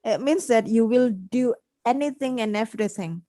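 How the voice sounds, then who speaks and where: A woman's voice: a little high, normal speed, dark tone, no room sound. A woman hosting a casual podcast on learning English. She explains things simply and repeats her key points. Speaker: podcast host and English teacher.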